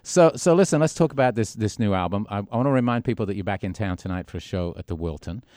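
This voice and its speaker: Joking radio host, low voice, dry studio. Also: male voice, expressive, quick pace, darkish tone, no echo. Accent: mock British-Australian put-on. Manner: jokey, puts on a mock British-Australian accent. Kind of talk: casual interview chat.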